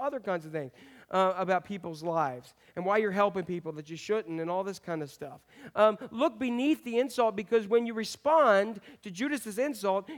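A middle-aged man preaching a conversational sermon as pastor, often asking the congregation questions. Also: high-pitched.

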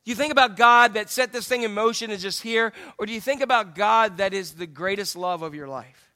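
High, bright-voiced joking preacher man. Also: fairly quick. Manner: joking, conversational preaching with asides to the congregation. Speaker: pastor. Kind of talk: sermon. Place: church sanctuary.

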